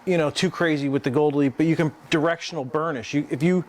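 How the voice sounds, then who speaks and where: A man hosting a live art stream, explaining his work in a halting, rambling way with lots of restarts. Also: on the high side, steady tone. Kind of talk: casual live-stream chat while working.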